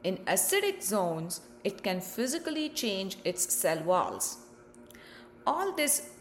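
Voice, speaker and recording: A woman host talks listeners through a health topic in a scripted, explanatory way, often turning to them with rhetorical questions. Her delivery is slow and measured at an ordinary mid-range pitch. A light hiss of background noise runs beneath her voice.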